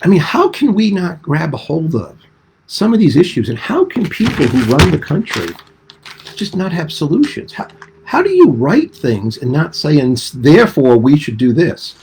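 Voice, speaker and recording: A middle-aged man giving emphatic, rapid-fire opinions as a guest commentator on a radio phone-in. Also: fairly high pitch, huge pitch swings, noisy background.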